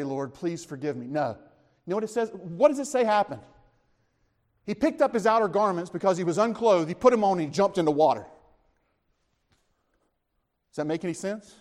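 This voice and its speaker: In his sermon, a man narrates scripture with animated storytelling and chats with his listeners by asking them questions. He voices the disciples' lines with a rising pitch.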